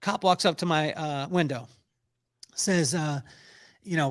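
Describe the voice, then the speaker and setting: Animated high-voiced middle-aged man telling stories. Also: unhurried, no echo, clean studio sound. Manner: animated, laughs often, acts out quoted voices. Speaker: podcast guest. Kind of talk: storytelling in a casual interview.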